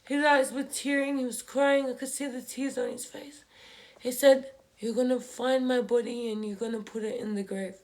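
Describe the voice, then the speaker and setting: Young woman vlogger, tearful and halting, a little high-pitched, speaking close to a camera at home. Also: steady tone, a little mellow. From Australia. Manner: tearful, halting, repeats herself. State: crying. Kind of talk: emotional personal story while doing makeup. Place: home room, indoors.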